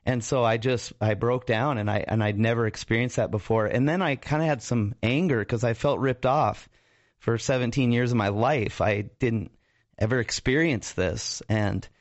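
A man's voice: mid-range voice, normal speed, dry recording. A man who is a pastor and radio co-host tells his life story as a guest on a talk show. He laughs easily and puts on voices for the people in his tale. His voice comes through a dull, lo-fi remote line with no room sound. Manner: animated storyteller, acts out voices, laughs often.

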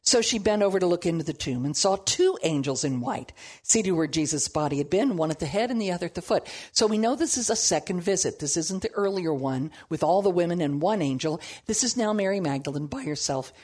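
A woman teaching a Bible passage in an animated storytelling way, with humorous asides. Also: lowish voice, fairly quick, slightly rough.

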